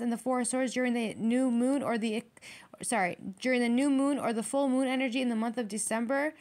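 A woman giving a casual tarot reading, blunt and streetwise, swearing freely and talking straight to her viewers. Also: a little high. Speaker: tarot reader.

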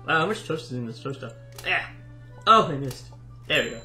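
A man giving casual let's-play commentary, excitable and easily amused. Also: medium pitch, brisk. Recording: roomy echo with game music behind.

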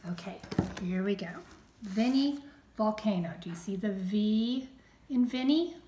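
Woman teacher, storybook read-aloud, slow and clear, roomy echo. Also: medium pitch, lively intonation, dark tone, a little hiss or hum. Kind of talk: reading a storybook aloud to children.

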